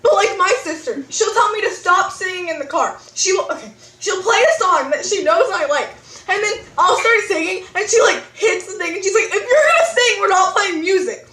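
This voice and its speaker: A woman's voice: very high voice, expressive, fairly quick, bright, forceful tone, distant mic. A teenage girl in casual chat, saying "like" often as she airs gripes. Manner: chatty, says "like" constantly. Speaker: co-host. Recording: echoey room from off-mic.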